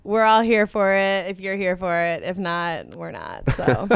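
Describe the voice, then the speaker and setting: Young woman podcast cohost, chatty and giggly, smooth clear voice, dry close sound. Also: lowish voice, lively intonation, a little slow, dry recording. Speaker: podcast co-host. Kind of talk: casual chat.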